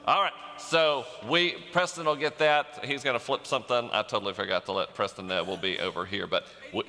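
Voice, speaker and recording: A man's voice: medium pitch, steady tone, a little fast, sharp tone. A man leading an orchestra rehearsal, upbeat, scatting rhythms and counting the players in. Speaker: music director leading rehearsal. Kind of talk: rehearsal instructions. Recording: long hall reverb, faint music behind.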